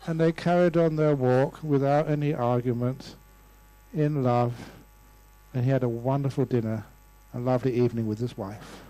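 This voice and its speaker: A man's voice: mid-range voice, steady tone, normal speed, warm tone, no echo, rough recording. A man in his sixties, a Buddhist monk, giving a humorous dharma talk and telling stories with playful voices. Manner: storytelling with playful voices and laughs. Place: lecture room.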